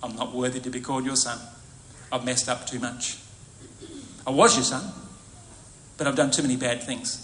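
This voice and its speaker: A man acting out a remorseful young man who says he is unworthy, in a low, subdued voice. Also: fairly even intonation, normal speed, long pauses, fairly bright tone, reverberant, a little hiss or hum, close to an everyday voice. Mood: ashamed.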